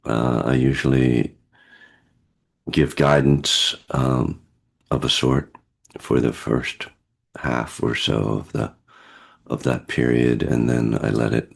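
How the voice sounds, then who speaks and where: Deep gravelly man with a cold. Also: little pitch movement. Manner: slow, gentle, pausing guidance with fillers. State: has a cold, husky voice. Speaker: meditation teacher. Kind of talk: guided meditation over video call. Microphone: video call.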